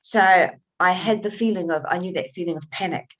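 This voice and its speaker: A woman with a fairly low-pitched voice talks through an interview about her work. She tells her stories with animated expression, breaking off and restarting as she goes. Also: brisk. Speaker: author being interviewed. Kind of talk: conversational interview.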